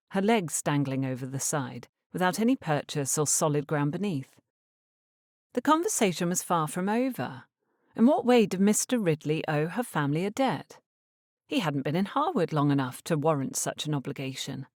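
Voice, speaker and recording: A woman narrating an audiobook in calm, scripted storytelling. Her voice sits fairly low but moves expressively through each sentence. The recording is close and dry, with no room sound. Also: no room sound.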